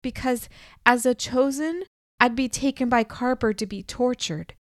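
A woman reads a first-person novel aloud, slow and deliberate, in a calm, measured voice. Each word is unhurried. The sound is dry and close, from a studio mic with no room around it. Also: fairly high pitch, dry recording. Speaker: audiobook narrator. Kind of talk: scripted first-person audiobook narration.

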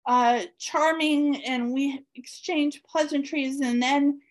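High-pitched woman author chatting slow, lots of ums, excited storyteller. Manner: warm, excited storyteller with frequent fillers. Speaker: author guest. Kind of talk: casual storytelling interview.

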